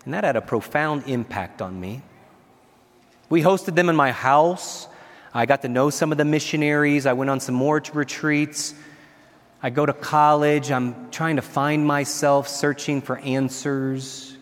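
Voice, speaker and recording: Man, 40s, priest, homily, earnest, chuckles often, slightly high voice, long church reverb. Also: unhurried. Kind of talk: homily at Mass. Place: large church.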